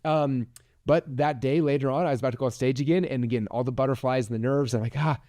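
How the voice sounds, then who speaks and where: A man's voice: mid-range voice, steady tone, fast, warm tone, no room sound, studio quality. A man in his forties hosting a podcast, giving a rambling motivational talk full of likes and restarts. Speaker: podcast host.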